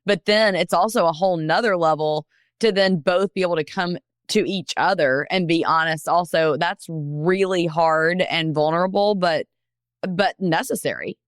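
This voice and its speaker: Low-voiced woman podcast host. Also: normal speed, clear, resonant tone, dry recording, studio quality. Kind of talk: casual podcast conversation.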